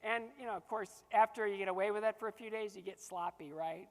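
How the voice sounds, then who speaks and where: Animated man telling stories in a hall. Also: sits high, quick pace, few pauses. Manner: animated, acts out dialogue, laughs often. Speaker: motivational speaker. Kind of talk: keynote storytelling to a live audience.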